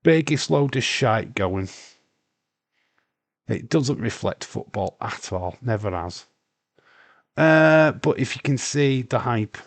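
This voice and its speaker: Slow-talking Yorkshire man, dry sound. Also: mid-range voice, no echo. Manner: swears freely, reads chat aloud, rambling with restarts. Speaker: livestream host. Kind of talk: casual live watch-along chat.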